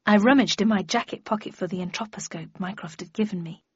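A woman's voice: mid-range voice, quick pace, a little mellow, husky, no room sound. A woman reading a first-person novel aloud in a dry, wry storytelling manner. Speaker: audiobook narrator. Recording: dull lo-fi dry recording.

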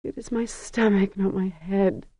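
A narrator voicing a whimpering frightened princess. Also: female voice, mid-range voice, flat delivery, measured pace, gravelly, warm tone, dry recording, voice pushed up.

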